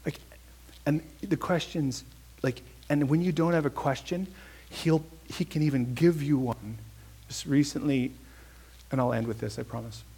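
A man's voice: on the high side, steady tone, a little slow, mellow, husky. A man preaching a conversational sermon, telling a personal story with earnest emphasis and then leading a prayer.

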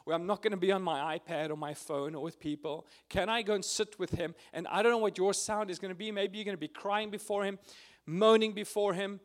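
A man giving an earnest, emotional testimony at a prayer meeting, sometimes close to tears and pausing with fillers. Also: high voice, steady tone. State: tearful at times.

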